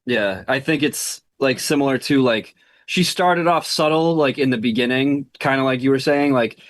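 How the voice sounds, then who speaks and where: A man co-hosting a casual movie review podcast, talking in quick, agreeable asides. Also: mid-range voice, no room sound. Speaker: podcast co-host.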